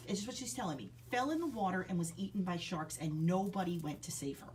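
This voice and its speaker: A woman in her thirties hosting a radio show in the studio, chatting casually and telling stories with lively energy. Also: lowish voice, quick pace, slight background noise. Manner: animated storytelling, laughs often. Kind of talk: casual on-air chat.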